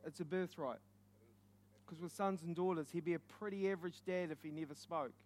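High-voiced man preaching earnestly. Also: steady tone, brisk. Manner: earnest, intense storytelling that swells to loud urgency. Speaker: evangelist. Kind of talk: preaching testimony.

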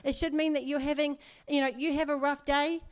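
A woman's voice: sits high, flat delivery, brisk. A middle-aged woman preaching in a chatty, earnest way, with asides and laughs. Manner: conversational, earnest, laughs often, many asides. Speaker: church speaker. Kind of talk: sermon.

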